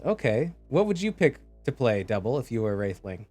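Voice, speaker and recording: A man calls a live esports broadcast with a jokey, chatty delivery and often stops to read out viewers' messages. His voice sits at an ordinary middle pitch. Faint music plays softly behind him. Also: big pitch swings, normal speed. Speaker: esports caster.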